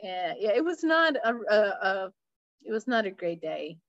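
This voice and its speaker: A woman's voice: mid-range voice, sing-song, moderate pace, a bit bright, no echo, highs cut off. A woman co-hosting a casual podcast chat, telling a story with lots of swearing and laughter. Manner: profane, storytelling, laughs often. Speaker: podcast co-host.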